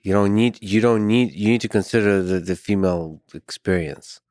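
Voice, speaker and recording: A man hosting a podcast interview, speaking in a measured, reflective way. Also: fairly low pitch, a little mellow, dry recording, clean studio sound. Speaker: podcast host. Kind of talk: interview conversation.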